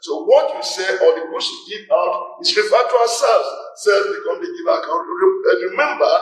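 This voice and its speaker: A middle-aged man teaching accounting as a tutor, explaining slowly and repeating the key terms for emphasis. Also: high-pitched, animated, fairly bright tone. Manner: slow, repetitive explaining with stressed key terms. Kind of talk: classroom lecture. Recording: echoey room, mic far off.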